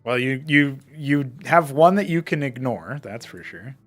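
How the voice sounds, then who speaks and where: A man's voice: medium pitch, expressive, a little slow, a bit bright. A man running a tabletop game session in casual, joking chat with players, laughing often. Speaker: game master. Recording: faint theme music behind.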